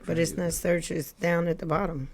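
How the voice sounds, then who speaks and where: A woman's voice: lowish voice, flat delivery, normal speed. Blunt, opinionated Missouri woman. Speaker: podcast co-host. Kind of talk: casual chat about pro wrestling.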